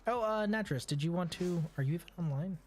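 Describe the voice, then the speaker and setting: A male game streamer from Texas with a slightly high voice. He chats in a laid-back, joking way and swears often. Game music runs faintly under his talk. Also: fairly quick. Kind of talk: casual gaming chat.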